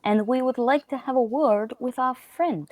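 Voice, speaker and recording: A woman voicing a smooth-talking adventurer in a put-on Eastern European accent in a tabletop game. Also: high voice, no room sound, lightly acted. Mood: persuasive. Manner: overly polite, slow, loud.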